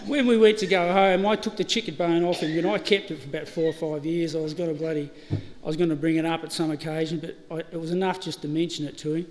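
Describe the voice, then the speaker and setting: His pitch sits high and his intonation stays fairly even as he talks fast, sharing chatty stories with laughter and false starts. He is a middle-aged Australian man eulogizing at a funeral, heard over a live stream with hall reverb and background noise.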